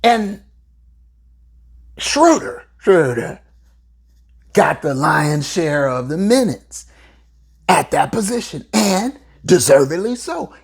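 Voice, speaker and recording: Host, female: husky, unhurried, lively pitch; emphatic sports commentator with playful asides. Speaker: podcast host. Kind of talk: solo sports talk commentary.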